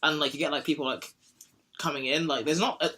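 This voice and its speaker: A man's voice: a little high, fairly even intonation, quick pace, bright, forceful tone. A young man hosting a casual podcast, rambling and joking, now and then sliding into silly put-on voices. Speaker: podcast host.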